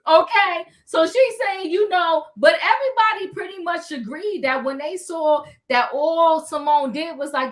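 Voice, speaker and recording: A woman co-hosting a reality show recap, chatting casually and acting out the cast's quotes in a slangy, animated way. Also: high voice, unhurried, few pauses. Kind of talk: casual chat.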